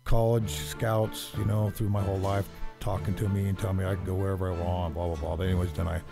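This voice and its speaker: Gravelly low-voiced American man telling stories. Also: level tone, fast talker, over music. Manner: rambling, repeats words, emphatic. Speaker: podcast guest. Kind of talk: casual storytelling.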